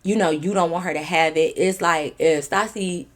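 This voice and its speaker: A young woman casually telling a storytime, animated and slangy, swearing freely and dropping to quiet asides. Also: on the low side, normal speed. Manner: quiet asides that drop to a whisper.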